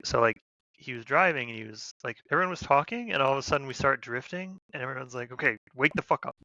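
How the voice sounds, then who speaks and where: A man co-hosting a casual chat, rambling and profane, retelling a story with loud quoted shouts. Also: mid-range voice, lively intonation, quick pace, vocal fry, no echo, highs cut off. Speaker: podcast co-host, army veteran.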